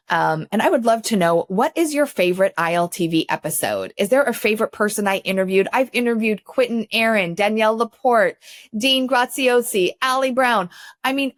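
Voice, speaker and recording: A woman's voice: medium pitch, dry recording, studio quality. A woman in her fifties hosting her own show, speaking to camera without a script in an effusive, enthusiastic and grateful way, with conversational restarts. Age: 50s. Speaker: show host. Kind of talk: unscripted talk to camera.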